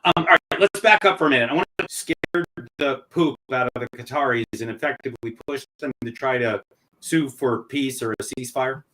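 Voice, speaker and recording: A man's voice: mid-range voice, brisk, bright, forceful tone, poor audio. A man hosting a policy podcast, asking questions in a wry, sardonic way. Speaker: host. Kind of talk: conversational podcast interview.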